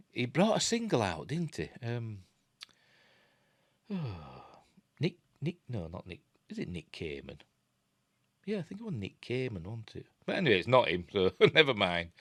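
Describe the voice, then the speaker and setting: Deep-voiced Yorkshire man chatting about a film. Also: dry recording, studio quality. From Yorkshire, England. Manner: rambling, chatty, many fillers. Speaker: film reviewer. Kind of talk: casual film breakdown commentary.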